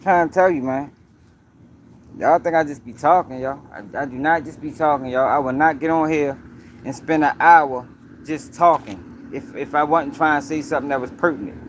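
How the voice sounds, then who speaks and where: A man's voice: a little high, moderate pace, a little hiss or hum. A man hosting his own news commentary livestream, talking emphatically, repeating points and speaking straight to his viewers. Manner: emphatic, repetitive, addresses viewers directly.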